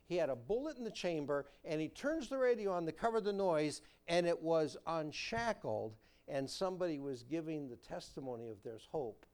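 A man preaching a sermon to his congregation with animated emphasis, asking questions and answering them himself. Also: fairly high pitch. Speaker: pastor. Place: church sanctuary.

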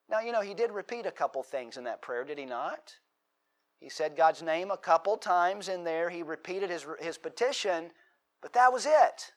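A man's voice: high voice, expressive, moderate pace. A middle-aged man preaching a sermon, reading scripture aloud with emphatic delivery and frequent word repetitions. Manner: emphatic preaching, repeats words, dramatic acted quotes. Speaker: pastor.

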